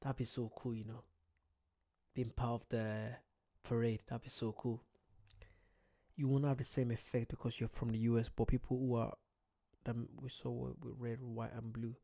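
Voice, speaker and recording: A man's voice: medium pitch, flat delivery, moderate pace, vocal fry, pauses often, dark tone. A young man with an Irish accent, chatting casually on a livestream, reading out viewer comments, rambling and joking about himself. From Ireland. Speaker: streamer.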